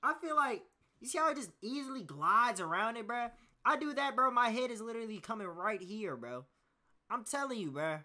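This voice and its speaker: A man's voice: very high voice, big pitch swings, fairly quick, bright, forceful tone. A man streaming himself as he reacts to a video, in loose slangy banter that circles back on itself. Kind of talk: casual reaction commentary.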